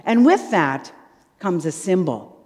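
A woman minister telling a children's story in a sermon, with dramatic pauses. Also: fairly low pitch, sing-song, darkish tone. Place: church sanctuary. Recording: long church reverb.

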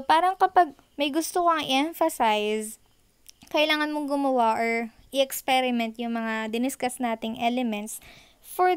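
A woman's voice: a little high, smooth. A woman teacher with a Filipino accent explains art concepts from slides, switching between English and Tagalog and often checking in with her students. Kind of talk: recorded online lecture over slides.

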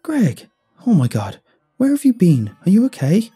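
A man voicing a worried young female lab colleague, pleading in a raised, high voice. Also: lively intonation, moderate pace, warm tone, slightly rough, faint music behind. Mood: alarmed.

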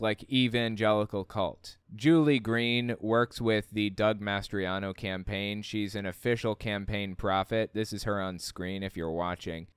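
A man with a smooth, resonant voice talks through a book in casual commentary, sounding incredulous and exasperated as he questions what he reads. The recording is close and dry, with no room sound. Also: on the low side, fairly bright tone, no echo. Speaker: host reading a book aloud with commentary.

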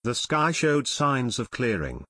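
A man's voice: medium pitch, very animated, fairly bright tone, breathy edge, no echo. Man narrating an audiobook, dry close sound. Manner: measured storytelling. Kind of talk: scripted narration.

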